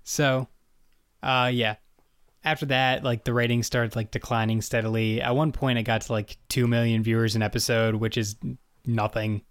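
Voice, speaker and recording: A man's voice: medium pitch, moderate pace, clear, resonant tone, no room sound. Young man chatting casually, dry sound. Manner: relaxed, recounts facts with filler words. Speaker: podcast co-host. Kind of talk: casual chat reviewing an old sitcom.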